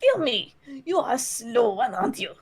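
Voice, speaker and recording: A woman's voice: fairly high pitch, very animated, normal speed, breathy edge, soft background music. A woman voicing a brash, domineering lunch seller in an over-the-top put-on French accent, haughty and taunting, in a fan dub of a game. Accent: put-on obnoxious French.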